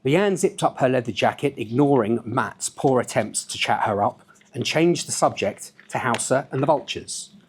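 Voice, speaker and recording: A novelist reading his own novel aloud in a relaxed way, with offhand asides. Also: mid-range voice, moderate pace, a little hiss or hum.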